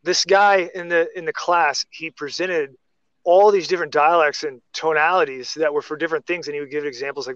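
A man's voice: fairly high pitch, steady tone, fairly quick, fairly bright tone, no echo. A man talking casually in a podcast chat, rambling through restarts and tangents. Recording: dry, muffled lo-fi sound.

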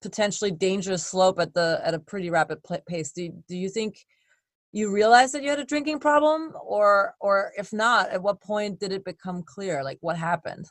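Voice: mid-range voice, normal speed, a bit bright, dry recording. An interviewer asking questions hesitantly, restarting as they go.

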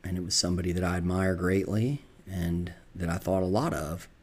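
A man's voice: deep voice, brisk, a little mellow, slightly rough. A middle-aged man with a Southern American accent, telling his own recovery story in a reflective, confessional way. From Southern United States. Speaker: podcast storyteller.

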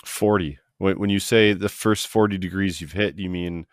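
A man's voice: low-pitched, fairly even intonation, moderate pace, no echo, clean studio sound. A Canadian man hosting a trade podcast in a chatty, rambling way, often restarting his sentences. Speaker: podcast host. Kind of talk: casual interview. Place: home basement studio.

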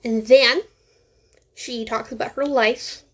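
A woman's voice: on the high side, steady tone, slow. A teenage girl hosting a casual solo podcast from home, rambling, correcting herself and making sarcastic asides. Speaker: podcast host.

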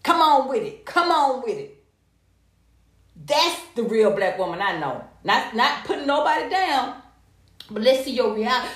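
Woman, American, sassy gossip vlog commentary, lively pitch, echoey room. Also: moderate pace. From United States. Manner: animated, sassy and profane, with frequent laughs. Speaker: commentary vlogger.

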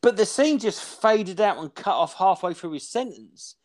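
A man in his forties, a podcast co-host, rambling and swearing as he tells animated stories in casual chat. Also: high-pitched, normal speed. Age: 40s.

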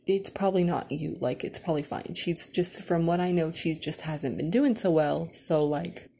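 A young woman quoting her mother as a calm, reassuring middle-aged woman with a soothing, reasonable manner. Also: low voice, moderate pace, gravelly, husky, heavily acted.

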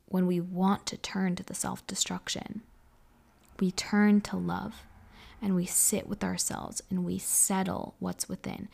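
A woman in her twenties hosting a reflective solo podcast, speaking softly and earnestly and often sinking into a breathy whisper. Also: fairly low pitch. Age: 20s. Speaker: podcast host.

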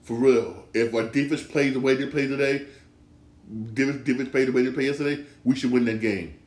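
A man's voice: mid-range voice, fairly even intonation, a little fast, a little mellow. Emphatic man in an echoey room. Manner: emphatic and repetitive, circling back to his points. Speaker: sports podcast host. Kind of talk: casual solo sports talk.

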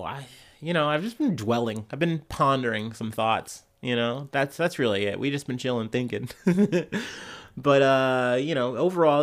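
A man with a medium-pitched voice hosts a casual news podcast, sounding congested and nasal from a cold. He rambles loosely into a podcast microphone, full of fillers and restarts.

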